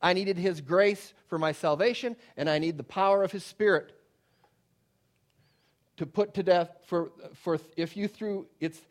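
A middle-aged male pastor preaching a sermon, swinging from loud emphatic declarations to hushed, soft pleading. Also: sits high, normal speed.

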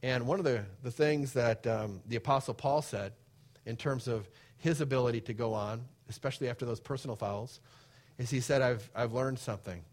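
A man's voice: mid-range voice, moderate pace. A man preaching a sermon, reading scripture verses aloud and then explaining them in plain conversational asides.

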